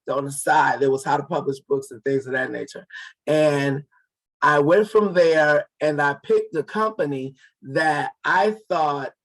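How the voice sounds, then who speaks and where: A man in his forties, an author and guest, telling a story casually and acting out the dialogue with many restarts. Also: on the high side. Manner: acts out quoted dialogue, repeats and restarts words.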